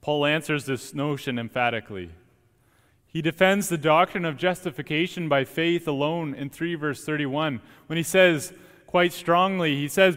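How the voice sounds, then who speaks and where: Young male student preacher, slightly higher voice, earnest and emphatic, long church reverb. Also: normal speed, a bit bright. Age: young adult. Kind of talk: sermon. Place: church sanctuary.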